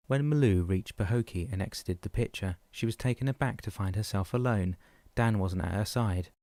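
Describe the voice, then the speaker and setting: A man reads a novel aloud in a steady, even manner, his voice low and mellow. The recording is dry and close. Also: normal speed, few pauses, dry recording. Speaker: audiobook narrator. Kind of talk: audiobook narration.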